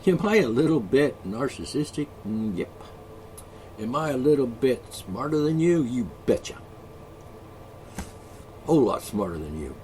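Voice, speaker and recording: Sarcastic, swearing man on an animated rant. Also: medium pitch, measured pace, pauses often, slight background noise. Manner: profane, sarcastic, mocking. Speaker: vlogger. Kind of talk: angry solo rant.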